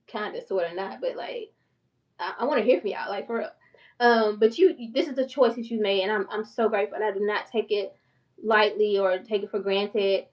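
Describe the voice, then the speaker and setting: A woman's voice: mid-range voice, steady tone, moderate pace. A middle-aged woman talking casually to her viewers, chatty and candid, laughing often, as a financial coach. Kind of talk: casual talk to camera. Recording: dull lo-fi sound from a distance.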